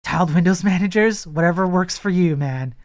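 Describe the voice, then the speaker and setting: A man's voice: high-pitched, a little fast. Blunt, profane streamer man. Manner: blunt, profane, laughs often. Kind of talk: casual live-stream chat.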